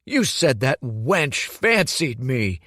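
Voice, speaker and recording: A man plays an enraged, grieving young brute, growling and shouting in a cracking voice pitched above his own. The furious, heavily acted delivery is very animated but slow, at medium pitch, recorded dry and clean in a studio.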